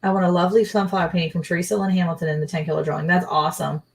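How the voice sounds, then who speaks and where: A woman co-hosting a casual livestream, chatty and rambling, often quoting people in lively voices. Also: on the low side, rapid-fire, gravelly. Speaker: livestream co-host.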